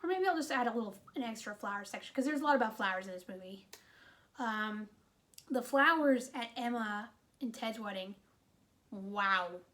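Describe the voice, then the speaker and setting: Woman, fairly high voice, casual movie review, chatty, animated, exasperated asides. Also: normal speed.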